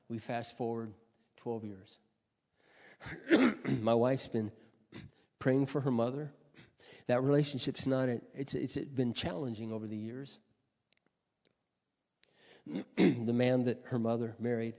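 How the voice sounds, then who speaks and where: A middle-aged man preaching a sermon, telling earnest personal stories and often clearing his throat. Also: mid-range voice, dark tone. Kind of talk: sermon storytelling. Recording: dull lo-fi audio with long hall reverb.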